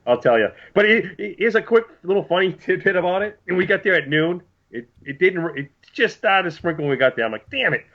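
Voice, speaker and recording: A man's voice: sits high, fairly quick, hardly any pauses. A man on a podcast who tells a story in casual chat and acts out what people said. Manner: animated storyteller, acts out quotes. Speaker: podcast co-host. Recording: dull lo-fi sound.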